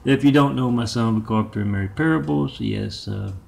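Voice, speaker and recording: A man talking in a rambling monologue of his own, halting and meandering with many filler pauses. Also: mid-range voice, gravelly. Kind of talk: rambling self-made monologue.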